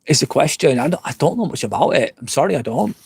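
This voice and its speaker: A tipsy Englishman hosts a live stream outdoors by a glamping site fire pit, reading out viewer comments and going off on profane, rambling rants. His voice is on the high side, very animated and fast, gravelly and husky yet a little mellow, with no echo.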